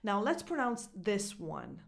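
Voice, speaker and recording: A woman whose first language is Italian coaches English pronunciation at an unhurried pace. She speaks in a mid-range voice and models short phrases slowly and clearly for the listener to repeat. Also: mid-range voice, sing-song. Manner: clear, deliberate demonstrations with repeat-after-me drills. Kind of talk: pronunciation lesson.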